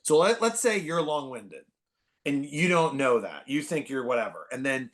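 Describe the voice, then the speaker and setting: A man in his forties, a podcast guest, telling stories in casual conversation, animated and full of fillers and restarts. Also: medium pitch, normal speed. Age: 40s.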